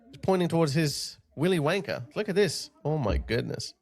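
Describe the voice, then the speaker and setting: A man reacts to video clips in an animated, indignant way, his pitch leaping up and down as he talks. His voice sits a little high for a man, and his commentary is loose, with laughing asides. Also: moderate pace. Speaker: YouTube commentator host.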